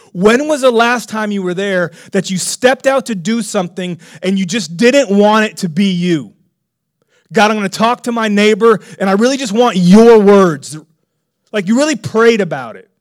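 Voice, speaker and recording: A middle-aged man preaches in a high, bright voice. He tells his story with animated energy and breaks into loud, excited exclamations. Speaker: pastor. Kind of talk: sermon storytelling.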